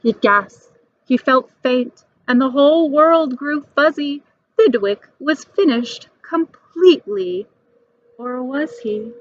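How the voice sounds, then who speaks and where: Woman, storybook read-aloud, animated, slightly high voice, dry dull recording. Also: slow, no room sound. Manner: lively, animated, rhyming delivery. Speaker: storybook reader.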